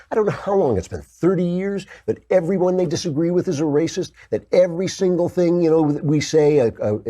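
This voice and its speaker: An older man hosting a political commentary show, delivering a heated, sarcastic monologue. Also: mellow. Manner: heated, sarcastic, mocks opponents in high whiny put-on voices.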